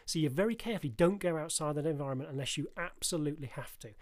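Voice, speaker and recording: A man chatting casually about sitcom writing, lively and quick to laugh. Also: a little high. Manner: lively, laughs often, explains in long runs.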